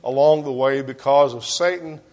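A man preaching an earnest sermon, often clearing his throat and letting his voice sink soft and low at the ends of phrases. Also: normal speed.

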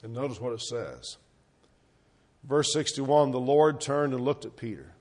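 A man's voice: mid-range voice, measured pace, darkish tone. A man preaching a sermon, asking the congregation rhetorical questions and letting his voice rise and fall. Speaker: pastor.

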